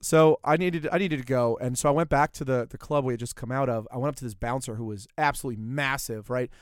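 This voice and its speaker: A man's voice: mid-range voice, fast, smooth, no room sound, studio quality. A man from New Orleans telling a rambling story on a podcast as co-host. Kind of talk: casual storytelling chat.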